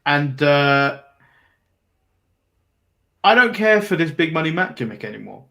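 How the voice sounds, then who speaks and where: A man's voice: fairly high pitch, very animated, unhurried, vocal fry, sharp tone. A man co-hosting a wrestling review podcast in casual chat, giving blunt opinions with chuckling asides.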